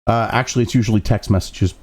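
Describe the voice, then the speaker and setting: A man's voice: on the low side, steady tone, fast talker, a little mellow. A man hosting a commentary show, reading news excerpts and breaking off into profane, sarcastic, exasperated rants with mocking asides. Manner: mocking asides between read-out passages.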